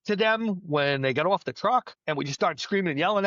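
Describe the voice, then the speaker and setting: A middle-aged man, a battalion chief, telling firefighting stories in a casual podcast chat, plainspoken and lively. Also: high voice, a little fast, dry recording, highs cut off. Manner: storytelling, animated, plainspoken with mild swearing.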